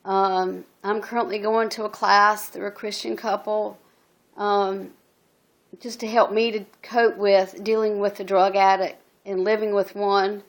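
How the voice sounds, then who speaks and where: A middle-aged woman speaks into her phone in a personal video testimony. Her pitch stays flat and narrow. She talks earnestly and haltingly, stopping often on "um" and restarting her sentences. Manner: halting, many ums and restarts; earnest and emotional. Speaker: single mother telling her story.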